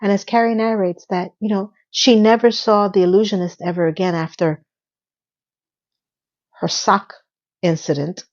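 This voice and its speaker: A woman recapping an episode in a casual, animated way, retelling scenes with quoted lines. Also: medium pitch, normal speed, long pauses, highs cut off. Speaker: recap vlogger.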